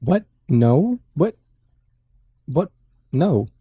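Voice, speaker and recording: A man's voice: fairly high pitch, very animated, drawn-out words, breathy edge, no room sound, narrow, tinny audio. A man playing in a tabletop game, speaking in character in a brash, sardonic way. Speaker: player.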